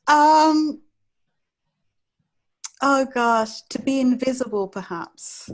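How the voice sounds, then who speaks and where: High-voiced, slow, thoughtful woman guest. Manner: thoughtful and hesitant, pausing to think. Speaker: interview guest. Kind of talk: casual interview chat.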